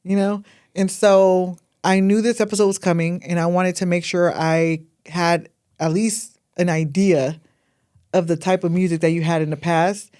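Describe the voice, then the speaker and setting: A woman co-hosts a casual podcast chat, playful and teasing, laughing often and speaking with a slight lisp. Her voice is lowish and dark, level in tone, at a moderate pace.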